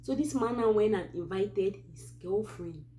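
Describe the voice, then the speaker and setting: A Cameroonian woman with a Cameroonian English accent hosts a Christian advice channel, telling a true story in a casual, animated way full of asides. Her voice is medium-pitched and a little slow, with a slight hiss or hum in the audio.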